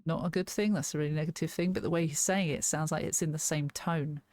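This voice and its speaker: A woman's voice: low-pitched, fairly even intonation, quick pace, darkish tone, dry recording, clean studio sound. A woman casually reviewing an album, thinking aloud, restarting sentences and laughing now and then. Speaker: music reaction host.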